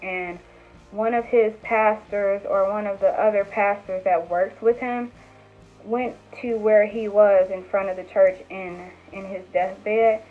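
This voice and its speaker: A young woman vlogger telling a personal story in a casual, animated way, with lots of "like" and "um" and acted-out quotes. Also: medium pitch, unhurried. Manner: animated retelling with acted quotes, many fillers. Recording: tinny phone-like sound with faint music.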